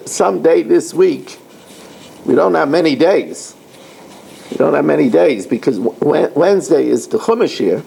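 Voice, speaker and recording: A man teaching a Talmud class, reading Aramaic and translating each phrase into plain talk. His voice is gravelly and somewhat husky, pitched a little high for a man. He stumbles and restarts often between lines of text. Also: a little mellow. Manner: frequent halting restarts and fillers.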